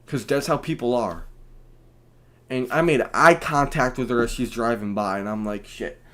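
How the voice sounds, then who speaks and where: A young man from the US telling a rambling story at home on a stream, with animated slang. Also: mid-range voice, normal speed. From United States. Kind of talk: casual storytelling. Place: at home, indoors.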